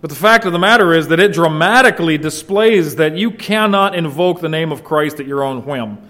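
A man preaching an expository sermon, swinging between loud emphasis and quiet, low asides. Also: animated, a little fast. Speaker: pastor.

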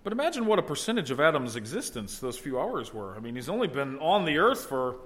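Conversational preaching man, plain mid pitch. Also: very animated, fast talker, fairly bright tone. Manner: conversational preaching, rising to emphatic exclamation. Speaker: pastor. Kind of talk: sermon.

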